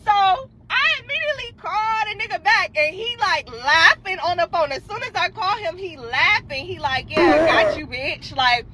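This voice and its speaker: A young woman tells a story in a high, bright voice that leaps all over its range. She swings between loud, dramatic outbursts and low, mocking impressions of other people. Faint noise sits behind her. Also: animated, moderate pace, few pauses, low-quality recording. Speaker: storyteller in a clip. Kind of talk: animated storytelling.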